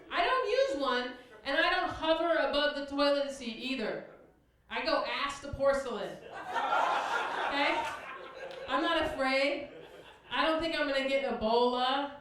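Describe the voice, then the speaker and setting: A woman doing a stand-up set on a comedy club stage, with a dry, deadpan delivery. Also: high-pitched, unhurried, long pauses. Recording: distant echoey club recording with hiss.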